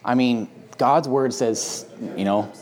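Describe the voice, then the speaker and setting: A man hosting a casual Bible teaching chat, speaking emphatically with plenty of fillers. His voice sits at an ordinary middle pitch, and his conversational delivery mixes firm statements with relaxed asides. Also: slow pace.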